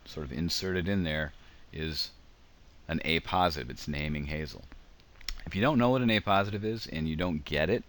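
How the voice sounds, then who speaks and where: A man's voice: rumbling low, moderate pace, a bit bright. A man giving a casual grammar lecture over slides, explaining with examples and frequent ums. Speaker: teacher.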